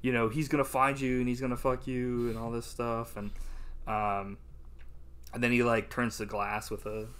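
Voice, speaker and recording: A man's voice: medium pitch, flat delivery, moderate pace, a bit bright, smooth. A young man co-hosting a podcast, reviewing a movie in casual chat, rambling with lots of filler words and frequent laughs. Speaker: podcast co-host.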